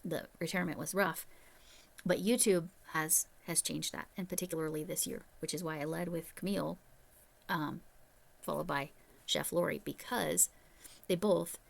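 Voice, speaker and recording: A middle-aged woman chats straight to her viewers in a casual vlog, candid and conversational. Her voice sits low, with a gravelly, creaky texture. She talks the way a retired teacher talks to friends. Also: steady tone, normal speed. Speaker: retired teacher turned crochet YouTuber. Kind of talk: casual vlog chat to camera.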